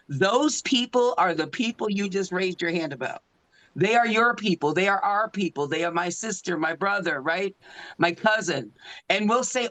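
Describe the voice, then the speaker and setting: A woman's voice: medium pitch, expressive, unhurried, fairly bright tone, low-quality recording. Earnest middle-aged woman giving a talk. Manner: earnest, emotional, keeps asking the audience "right?". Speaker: guest speaker and advocate. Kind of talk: impassioned public talk. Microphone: phone.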